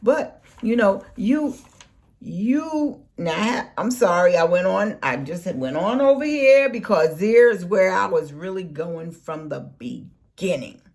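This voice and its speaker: A woman delivering an impassioned, scolding political rant in a vlog, preaching and swinging between soft and loud. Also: mid-range voice, lively intonation, unhurried. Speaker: political commentary vlogger.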